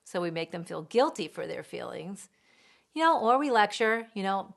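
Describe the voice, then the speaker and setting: A woman parenting educator who explains clearly and gives examples from family life. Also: medium pitch, very animated, moderate pace. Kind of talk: explanatory teaching talk.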